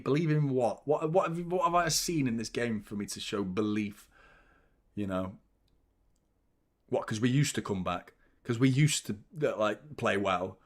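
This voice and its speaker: A man's voice: medium pitch, moderate pace. A young man hosting a live football watchalong, ranting and swearing constantly in exasperation. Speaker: fan channel host.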